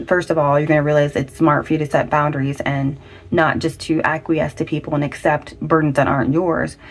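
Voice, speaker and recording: A woman's voice: low-pitched, little pitch movement, a little fast. A woman giving a casual pick-a-card tarot reading, chatty and slangy, with lots of affirming fillers. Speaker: tarot reader.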